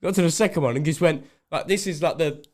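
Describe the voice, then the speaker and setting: A man co-hosting a podcast, telling a story in a casual, animated way and laughing often. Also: a little high, quick pace. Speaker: podcast co-host. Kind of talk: casual chat.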